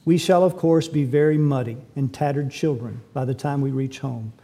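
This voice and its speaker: A man's voice: medium pitch, normal speed, warm tone. A man preaching a sermon as pastor, emphatic and full of rhetorical questions.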